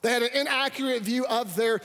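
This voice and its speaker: A man preaching a sermon as pastor, energetic and calling out to his congregation. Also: very high-pitched, brisk. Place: church sanctuary. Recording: reverberant hall.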